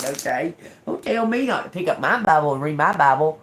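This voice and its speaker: A woman tarot reader hosting a livestream, ranting in a casual way. She is animated, laughs often, swears freely, and acts out quoted exchanges. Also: medium pitch, normal speed.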